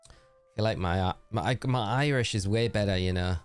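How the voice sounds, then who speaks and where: A man's voice: on the low side, moderate pace, clean tone, no echo, soft background music. A man with a tired voice, chatting casually and cheerfully with viewers while live-streaming a game. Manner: chatty and upbeat, thanking viewers by name.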